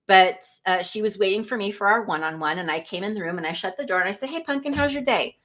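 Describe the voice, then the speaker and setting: A woman's voice: medium pitch, quick pace, fairly bright tone. A middle-aged woman hosting a casual livestream, reading viewer comments aloud in a chatty, self-deprecating way and laughing often. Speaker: livestream host.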